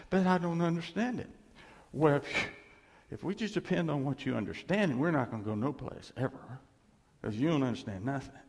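Man preaching, lively swooping voice, gravelly, long hall echo. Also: mid-range voice, moderate pace. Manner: conversational, emphatic, acts out quoted voices. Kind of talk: sermon. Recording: reverberant hall.

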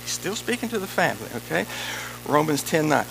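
A man preaching a sermon in an animated, emphatic way, with conversational asides to his congregation. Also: fairly high pitch, brisk, gravelly, a little hiss or hum, rough recording.

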